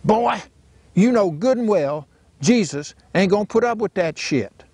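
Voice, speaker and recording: A man's voice: high voice, animated, a little slow, darkish tone, husky, no room sound, pitched above the performer's own voice, heavily acted. A man voicing a blunt, bigoted old Southern father with an Alabama accent, coarse and indignant.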